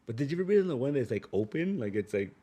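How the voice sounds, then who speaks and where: A man's voice: medium pitch, very animated, quick pace, mellow. A man co-hosting a podcast, chatting loosely, laughing often and swearing casually. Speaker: podcast co-host. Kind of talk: casual chat.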